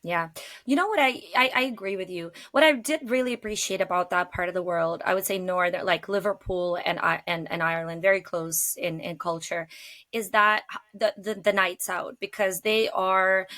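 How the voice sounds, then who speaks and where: A woman's voice: on the low side, normal speed, sharp tone. A woman guest on a podcast, chatting frankly and animatedly about dating. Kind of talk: casual chat.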